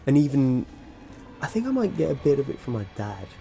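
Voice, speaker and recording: Mellow-voiced British young man, rambling. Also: medium pitch, very animated, brisk, vocal fry, soft background music. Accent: British, precise enunciation. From Britain. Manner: rambling, self-correcting, wry. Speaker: YouTube narrator answering fan questions. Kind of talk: casual Q&A vlog.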